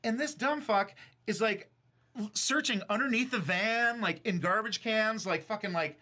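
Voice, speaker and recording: A man casually telling road stories from his band days, profane and animated, full of fillers. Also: sits high, normal speed. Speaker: streamer and band frontman. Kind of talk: casual storytelling chat. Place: recording studio.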